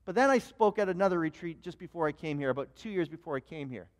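High-voiced preacher in a reverberant hall. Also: male voice, quick pace. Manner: animated storyteller with frequent restarts and stammers. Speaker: pastor. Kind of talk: sermon storytelling.

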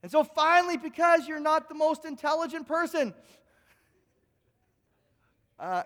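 A man's voice: very high-pitched, animated, unhurried, long pauses, a bit bright, big-room sound. A man preaching a sermon, telling stories animatedly, acting out both sides of conversations and often stumbling over repeated words. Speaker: pastor.

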